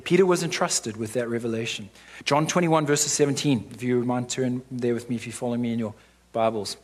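A male pastor preaches a sermon from the pulpit in a mid-range voice that's slightly husky and breathy. His emphatic delivery presses each point with rhetorical questions and brief asides.

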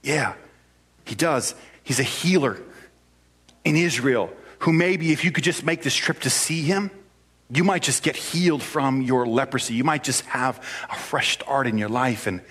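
A brave young servant girl speaks softly and earnestly, full of encouragement. Her voice sits low and calm, as a male preacher puts her on. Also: normal speed, breathy edge.

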